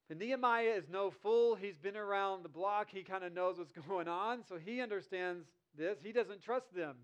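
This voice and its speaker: A man preaching a sermon, reading scripture slowly and then explaining it in a conversational way. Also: sits high, clean tone. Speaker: pastor.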